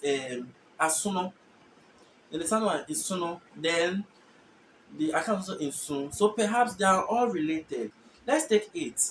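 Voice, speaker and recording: A host from Ghana giving an explanatory language lesson, thinking aloud and slowly repeating each word. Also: mid-range voice. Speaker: channel host teaching languages. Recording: echoey room with faint background noise.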